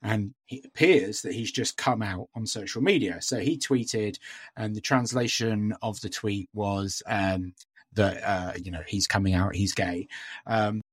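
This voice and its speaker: A man's voice: fairly low pitch, unhurried, husky, dry recording, studio quality. A man co-hosting a podcast in casual chat, talking hesitantly with lots of fillers and restarts. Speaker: podcast co-host.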